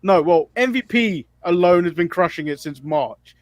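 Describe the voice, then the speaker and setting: A man with a slightly high voice hosts a casual wrestling recap, moving from topic to topic. His remarks are wry and critical, and the recording sounds dry and close. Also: expressive, normal speed, dry recording. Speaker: wrestling podcast host. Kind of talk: casual chat.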